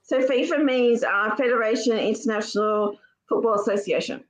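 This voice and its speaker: An Australian woman co-hosting a live stream over a video call, chatty and quick to laugh. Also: on the high side, poor audio. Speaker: livestream co-host. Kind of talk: casual live-stream chat.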